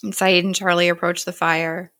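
A woman chats through a TV episode recap scene by scene, quoting the lines as she goes. Her voice sits fairly low but sounds bright and crisp. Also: flat delivery, moderate pace. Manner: chatty retelling with quoted dialogue.

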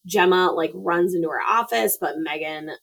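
A woman's voice: fairly low pitch, normal speed, vocal fry, a bit bright, poor audio. A woman co-hosting a podcast, recounting a film plot in a loose, profane manner with many fillers. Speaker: podcast co-host. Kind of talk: casual movie recap.

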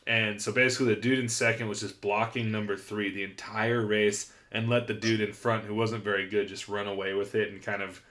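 A man's voice: lowish voice, level tone, a little fast, hardly any pauses, fairly bright tone. A man hosting a casual podcast, laid-back and swearing freely as he tells stories. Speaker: podcast host. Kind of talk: casual chat.

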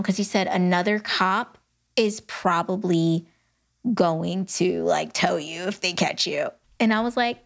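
A young adult woman co-hosting a casual book chat, an animated storyteller who acts out quotes and laughs often. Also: lowish voice, a little slow, gravelly. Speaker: book podcast co-host.

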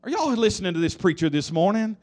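A man's voice: high voice, big pitch swings, fast talker. A man preaching a sermon in church, leading the congregation in repeated call-and-response refrains.

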